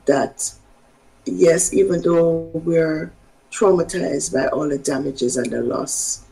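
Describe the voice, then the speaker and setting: A woman physician from Jamaica, giving health advice in a measured, halting way. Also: low-pitched, gravelly, dark tone, poor audio. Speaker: physician guest.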